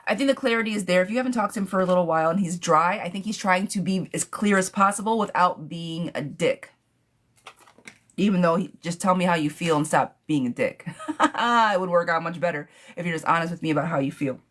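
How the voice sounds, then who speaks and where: A woman's voice: lowish voice, a little fast. Blunt, chatty woman reading tarot live. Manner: blunt, chatty, calls viewers sweetheart and friend. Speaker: tarot reader.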